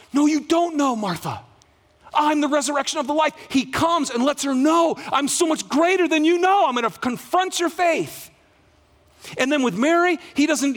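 A male pastor preaching a sermon to a congregation, animated, acting out dialogue and asking the room for responses. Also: very high-pitched.

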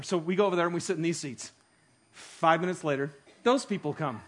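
A man preaching a sermon, telling stories with animated delivery that swings from hushed to loud. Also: high voice, fast talker. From Detroit. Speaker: pastor.

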